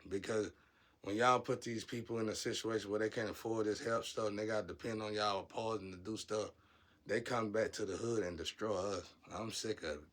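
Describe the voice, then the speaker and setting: A man vlogging a blunt, profane rant, scolding his viewers and swinging from low muttering to loud shouting. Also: steady tone, brisk. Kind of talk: ranting monologue to camera.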